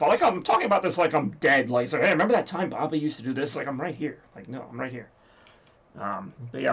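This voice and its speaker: A man's voice: mid-range voice, fairly bright tone, lo-fi sound. A man with a scratchy voice hosting a livestream, rambling casually and joking with chat. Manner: rambly, jokey, reads chat aloud. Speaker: livestream host.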